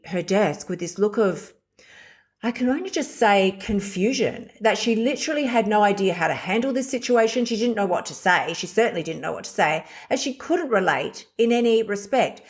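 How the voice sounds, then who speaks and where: Candid, swearing woman host. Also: mid-range voice. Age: middle-aged. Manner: candid and blunt, swears freely. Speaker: podcast host. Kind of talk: confessional solo podcast monologue.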